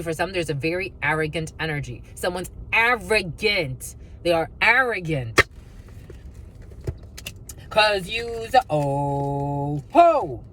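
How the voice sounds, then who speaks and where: A woman's voice: fairly low pitch, fairly bright tone, slight background noise, rough recording. A woman doing a casual tarot energy reading, blunt and profane, with sing-song asides and mocking voices.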